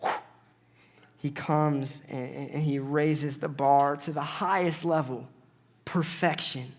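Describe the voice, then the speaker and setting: A man preaching a sermon in an animated way, acting out conversations with God as he speaks. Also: fairly high pitch, slow. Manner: animated, acts out dialogues with God.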